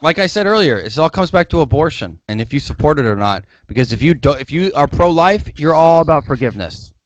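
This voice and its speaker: A man's voice: fairly high pitch, lively intonation, fast, lo-fi sound. Brash, profane man on a podcast. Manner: loud, profane and provocative. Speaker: podcast co-host. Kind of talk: crude comedic podcast banter.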